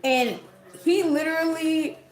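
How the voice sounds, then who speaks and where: A young woman with a high voice hosts a livestream, speaking slowly in a casual chat. She rambles along with plenty of fillers and giggles, and the room has a noticeable echo.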